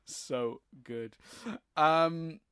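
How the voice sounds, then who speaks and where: A man's voice: fairly high pitch, drawn-out words, fairly bright tone, smooth, no echo, studio quality. A man co-hosting a podcast, chatting casually about a film he likes, laughing often and trailing off into restarts. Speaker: podcast co-host. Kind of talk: casual film review chat.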